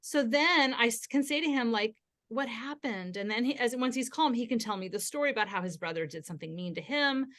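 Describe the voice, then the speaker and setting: A woman guest on a podcast interview, explaining parenting ideas in a steady, instructive way. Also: on the high side, quick pace, few pauses. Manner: acts out gentle parent quotes.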